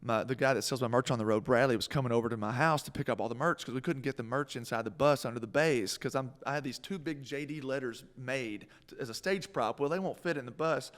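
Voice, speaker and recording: An animated man telling a story as a guest on a live radio show, stumbling and restarting as the words tumble out. His voice is middle-pitched and ordinary, and he breaks into laughter often. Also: quick pace, few pauses. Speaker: guest country singer. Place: live radio stage in a food hall.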